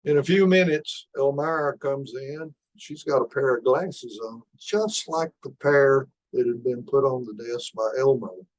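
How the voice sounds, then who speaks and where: An older man giving a conference lecture, talking slowly and deliberately through study results, with frequent pauses on "uh". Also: mid-range voice, poor audio. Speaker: conference speaker.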